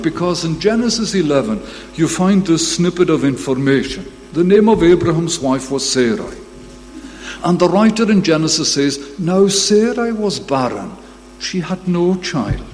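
A man preaching a sermon, emphatic, swelling to loud bursts when he quotes scripture. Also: high-pitched. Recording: long reverb, faint hum.

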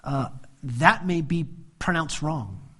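A pastor with a fairly high, slightly rough voice preaches an animated sermon at a slow pace. He works through a Bible passage verse by verse, slipping into playful voices for the people he quotes.

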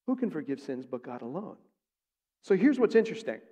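An emphatic male pastor delivers a sermon in a church sanctuary, posing rhetorical questions to the congregation, and the large room gives a long reverb. His voice is a little high and sing-song, a little fast, warm, with a breathy edge.

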